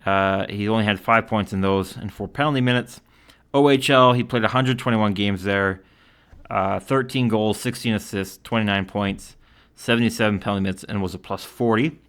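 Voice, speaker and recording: Low-voiced Canadian man talking hockey. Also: fairly even intonation, normal speed, fairly bright tone, clean tone. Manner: casual, reads out stats and quotes with many fillers. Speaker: hockey commentator. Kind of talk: solo commentary.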